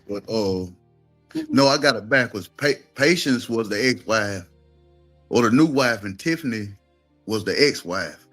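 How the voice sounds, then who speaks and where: A man with a Southern Georgia accent, telling a personal story in casual talk and acting out what others said. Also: mid-range voice. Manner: relaxed storytelling with quoted voices. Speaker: guest telling his story.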